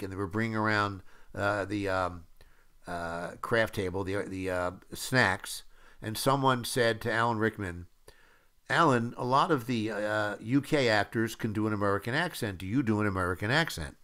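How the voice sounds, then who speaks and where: A man's voice: lowish voice, normal speed, a bit bright. A man in his seventies, a screenwriter, giving an anecdotal film audio commentary with frequent fillers and acted-out quotes.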